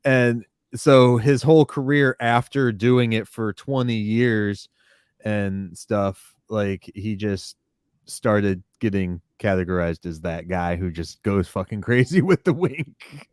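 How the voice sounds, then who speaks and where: A chatty, joking man co-hosts a TV recap podcast. His voice sits low, and it is recorded close and dry. He swears and laughs easily. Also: slow pace, darkish tone, smooth, dry recording. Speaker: podcast co-host. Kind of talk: casual chat recapping a TV episode.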